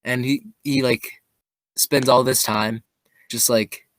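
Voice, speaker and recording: A man's voice: mid-range voice, fairly even intonation, takes it slowly, no room sound. A young man co-hosting a casual podcast, rambling through his points with lots of fillers. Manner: rambling, many fillers and restarts. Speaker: podcast co-host. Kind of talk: casual chat.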